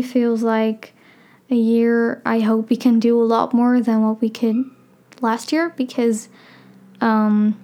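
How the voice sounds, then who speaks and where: A woman's voice: on the high side, mellow, clear, resonant tone. A fifteen-year-old girl from the Netherlands with a Dutch accent, chatting casually and rambling on her own podcast, full of fillers and apologies. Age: teens. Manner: chatty, rambling, self-deprecating, many fillers. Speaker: podcast host. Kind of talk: casual solo podcast chat.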